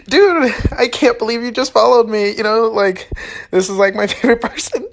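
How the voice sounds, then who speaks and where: A woman telling a story with excitement, laughing as she talks. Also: fairly high pitch, normal speed.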